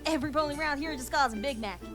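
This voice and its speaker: A woman's voice: high-pitched, racing, lightly acted. A woman voicing a friendly, hardworking young farm mare in a cartoon game, speaking with a folksy Southern drawl. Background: game music.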